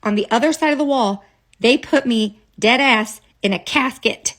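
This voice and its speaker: A woman's voice: a little high, moderate pace, fairly bright tone. A woman telling a childhood story straight to a phone camera, casual and dramatic, with chatty asides.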